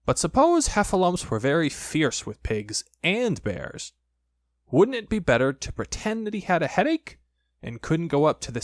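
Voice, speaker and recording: A man reading a children's storybook aloud, with lively, expressive storytelling. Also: a little high, no echo, studio quality. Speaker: audiobook narrator.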